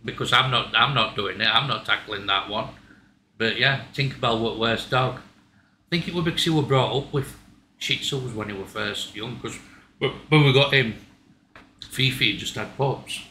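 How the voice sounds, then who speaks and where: A man's voice: mid-range voice, normal speed, bright, forceful tone. A man chatting casually at home, blunt, stumbling over his words and swearing. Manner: blunt, stammering restarts, swears. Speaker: co-host. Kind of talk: casual chat. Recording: echoey room, faint ambient noise.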